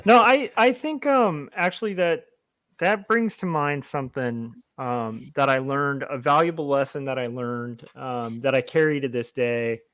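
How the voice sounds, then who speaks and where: A man's voice: medium pitch, measured pace, fairly bright tone, dry recording. Man sharing design advice on a podcast. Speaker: podcast co-host, t-shirt designer. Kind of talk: casual chat.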